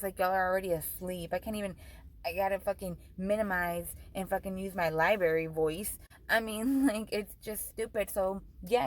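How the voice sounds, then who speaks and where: A woman's voice: mid-range voice, low-quality recording. A young woman vlogger telling a storytime rant, profane and heated, switching between English and Spanish.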